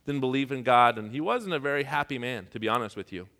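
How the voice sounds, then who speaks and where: A man from Iran, a pastor, preaching a sermon and telling personal stories, his voice dropping to a hush and rising to near shouts. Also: mid-range voice, quick pace. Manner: storytelling, swings from hushed to shouting. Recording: long hall reverb.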